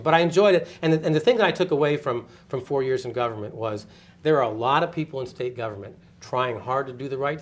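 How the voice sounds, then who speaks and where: An older man giving an oral history interview, telling stories with energy and acting out the people he quotes. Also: mid-range voice. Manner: animated storyteller, quick, acts out quoted voices with laughs. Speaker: interviewee, former communications director. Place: office interview setting.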